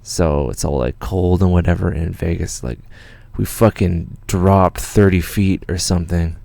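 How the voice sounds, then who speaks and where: A man's voice: low-pitched, steady tone, moderate pace, vocal fry, warm tone, no echo. A young man from Canada hosting a live studio Q&A stream, telling rambling stories in a laid-back way with lots of fillers and swearing. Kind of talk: casual livestream chat. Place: home studio.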